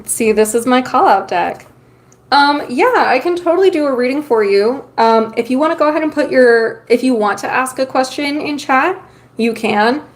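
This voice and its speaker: Chatty high-voiced woman streamer. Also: lively intonation, moderate pace. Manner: chatty, loose, many filler ums. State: has the hiccups. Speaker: streamer reading tarot. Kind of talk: casual live-stream chat.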